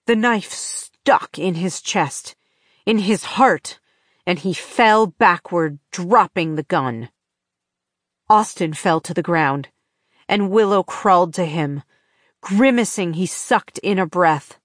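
Slow, measured woman narrating an audiobook. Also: on the low side, no echo, clean studio sound. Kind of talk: scripted narration.

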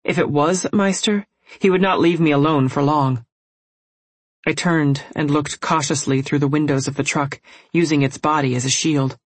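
A woman reading a first-person novel aloud in a measured, emotional storytelling manner. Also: low-pitched, husky, dry recording. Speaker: audiobook narrator.

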